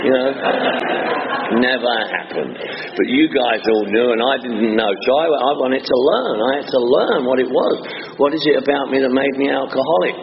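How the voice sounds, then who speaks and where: A man from northwest London with a London accent, giving a humorous recovery talk to a meeting audience as a wisecracking storyteller. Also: mid-range voice. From northwest London, England. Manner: wisecracking storyteller, chatty with many asides. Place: meeting hall before an audience. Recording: dull reverberant hall recording with faint hiss.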